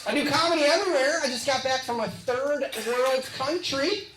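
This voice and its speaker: A man from the Midwest doing live stand-up comedy, joking back and forth with audience members in quick, punchy bits. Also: very high-pitched. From Midwest of the United States. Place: live comedy show venue. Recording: echoey live venue with loud crowd noise. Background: audience laughter and applause.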